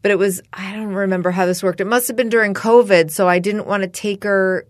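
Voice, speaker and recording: A middle-aged woman co-hosting a podcast in easy, casual conversation, nodding along and then telling her own story. Her pitch is mid-range for a woman, and the recording is close and dry. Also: steady tone, a little fast, no room sound. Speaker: podcast co-host. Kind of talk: casual chat.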